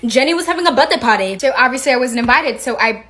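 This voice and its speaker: A teenage girl telling an embarrassing personal story in a casual, excited, gossipy way with some swearing. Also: high voice, fast.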